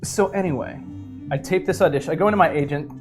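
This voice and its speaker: A man's voice: fairly high pitch, fast. Rambling male storyteller, music behind. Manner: rambling storytelling, many ums and restarts. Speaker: actor telling a story on a stream. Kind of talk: casual chat. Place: indoors at a painting table.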